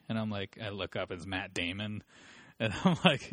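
A young man telling casual, profane stories in a relaxed chat, laughing as he talks. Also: deep voice, moderate pace, no echo. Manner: loose, profane, laughs through his stories.

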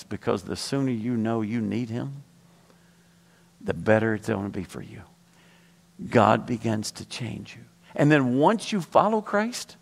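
A middle-aged man preaching a sermon as pastor, telling humorous stories with laughter and then dropping low and soft for earnest points. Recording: long hall reverb.

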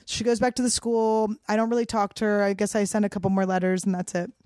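Profane, animated woman telling a story. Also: medium pitch, quick pace, dry recording, studio quality. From Philadelphia. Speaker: comedian guest. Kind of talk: casual storytelling.

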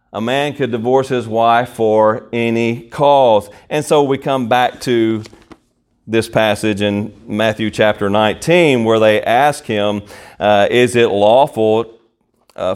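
A man's voice: medium pitch, darkish tone, clear, resonant tone. A man preaching a sermon, explaining a passage step by step and repeating key words, with many fillers. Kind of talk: sermon Bible teaching.

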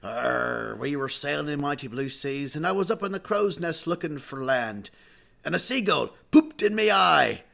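A man putting on a gruff old pirate with a peg leg, growling "arr" through his tale. The voice carries a gravelly edge, told as a spoken joke. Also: on the high side, lively intonation, moderate pace, sharp tone, exaggerated voice.

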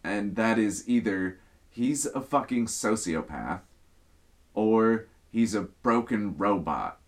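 Animated, foul-mouthed man telling a story. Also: lowish voice, takes it slowly. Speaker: podcast host. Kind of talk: casual storytelling.

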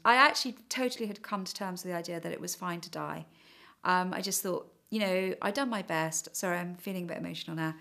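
A woman's voice: lowish voice, fast talker, vocal fry, sharp tone. A middle-aged woman giving a hesitant, reflective personal account in conversation, with frequent fillers. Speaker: interviewee.

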